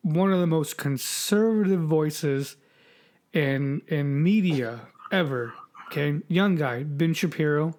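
A man's voice: on the high side, slow pace, darkish tone, a little hiss or hum. A man co-hosting a podcast, chatting casually about politics in a rambling, mocking way, repeating words and swearing. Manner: profane, mocking. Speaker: podcast co-host.

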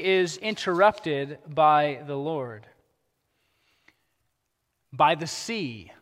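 A man preaching a sermon as pastor, animated and acting out the characters he quotes. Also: high voice, big-room sound.

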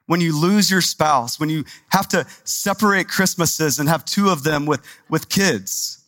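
A man's voice: a little high, unhurried, few pauses, a bit bright, dry recording. A male pastor delivering a sermon in a conversational, emphatic way, repeating phrases for stress.

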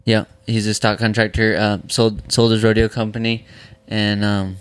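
A young man answers interview questions in short, quiet, reserved phrases. His voice is smooth and fairly low, and the recording is close and dry. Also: flat delivery, moderate pace, no room sound. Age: young adult. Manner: quiet, brief answers, shy. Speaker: guest, rodeo athlete. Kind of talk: casual interview chat.

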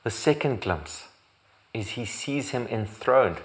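Man, pastor, sermon, emphatic, swelling on repeated lines, mid-pitched voice. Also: expressive, slow. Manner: emphatic preaching, swelling louder on repeated phrases; occasional restarts and self-corrections.

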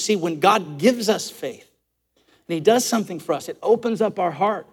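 High-voiced passionate male pastor. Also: lively intonation, moderate pace, breathy edge. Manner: passionate, emphatic preaching with audience call-and-response. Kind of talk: live church sermon. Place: church.

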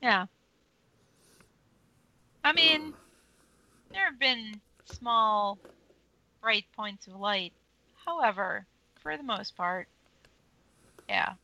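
A woman's voice: fairly high pitch, animated, very slow, pauses often, sharp tone. A woman co-hosting a casual hobby podcast, with dry, wry remarks. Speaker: podcast co-host.

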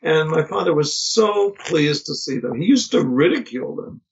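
A middle-aged man, a podcast guest, telling family stories in a reflective, halting way with many pauses and restarts. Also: on the high side, lively intonation, gravelly, breathy edge. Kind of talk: casual conversation. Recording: dull lo-fi podcast audio.

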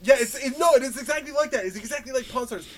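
A man in casual podcast chat, rambling and animated, laughing often and swearing. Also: very high voice, fast, slight background noise. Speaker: podcast co-host.

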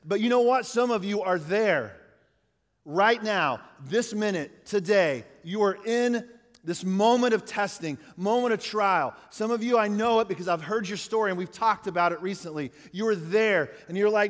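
A man's voice: high voice, animated, normal speed. A middle-aged man, preaching a conversational sermon and asking the congregation questions. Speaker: pastor. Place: church hall. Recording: long hall reverb.

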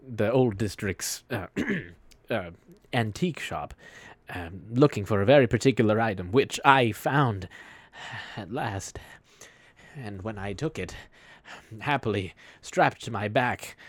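A man voicing a stiff, formal male scholar in a tabletop game, speaking in a stilted, halting way. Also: fairly low pitch, dry recording. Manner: stilted, formal and slow with hesitations. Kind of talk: in-character tabletop role-play.

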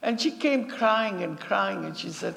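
A woman with a gravelly voice recounts stories to an audience, animated and fond of repeating a phrase for emphasis. Her voice carries a long reverb from a large hall. She is speaking as a school founder. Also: mid-range voice, measured pace. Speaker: humanitarian and girls' school founder. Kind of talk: storytelling talk to an audience.

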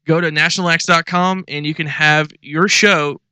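A man's voice: fairly high pitch, fairly even intonation, moderate pace, pushed and bright, clean tone, no echo. A man co-hosting a radio show in a studio, joking around and stumbling through sponsor plugs in laid-back banter. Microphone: studio headphones and mic.

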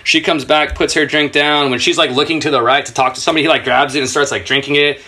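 Here the thirty-something skateboarder guest talks fast, his tone steady and sharp, spinning relaxed, foul-mouthed stories on the podcast while laughing. Quoting others sends his pitch way up, in keeping with the casual storytelling.

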